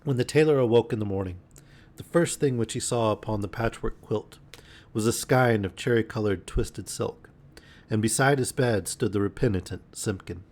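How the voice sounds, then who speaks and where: A man reading a storybook aloud in a gentle, unhurried bedtime manner on a live stream. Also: lowish voice.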